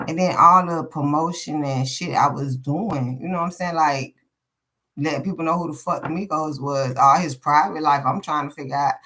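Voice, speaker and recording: A woman with a low voice runs a loose live-stream tarot reading, thinking out loud as she goes. Her talk is blunt and full of swearing, and it wanders from one thought to the next. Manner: profane, candid and rambling, thinking aloud. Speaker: tarot card reader.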